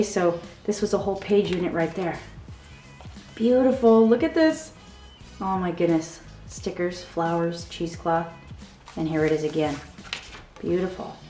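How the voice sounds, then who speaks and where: A woman hosting a craft tutorial, walking through her handmade album with excited, gushing talk and a frequent "okay?". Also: lowish voice. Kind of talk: enthusiastic product walkthrough. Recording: echoey room with soft background music.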